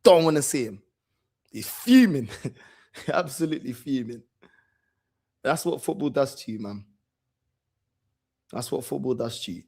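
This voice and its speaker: A man tells a story in relaxed chat, using plenty of slang. His voice sits in a middle pitch, and he keeps circling back to repeat his points. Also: measured pace, pauses often, breathy edge. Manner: slangy, repeats phrases for emphasis. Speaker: football channel host.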